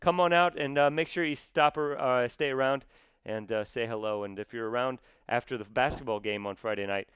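A man, talking as a podcast guest in a casual, animated way with many fillers. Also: medium pitch, brisk, smooth, no echo, dull audio. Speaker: guest, theater actor and sports commentator.

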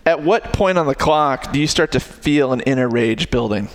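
A man's voice: medium pitch, animated, normal speed. A man in casual chat teasing his co-host and asking follow-up questions.

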